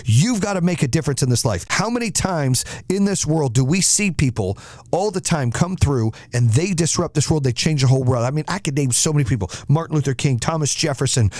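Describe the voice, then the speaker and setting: A man's voice: medium pitch, a little mellow, no room sound, clean studio sound. A man hosting a podcast as a motivational speaker, blunt and emphatic with repeated rallying lines. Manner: blunt, emphatic, repetitive, preachy. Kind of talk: motivational talk.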